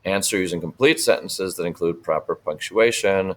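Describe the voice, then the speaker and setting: A deep-voiced man teaches Spanish in a relaxed screen-share walkthrough. He explains each step plainly and keeps checking in with a quick "right?".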